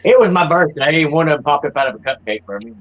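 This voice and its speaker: Joking man with a lively voice. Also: fairly high pitch, fast, low-quality recording. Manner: teasing, joking, laughs often. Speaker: podcast regular. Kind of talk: casual chat, storytelling.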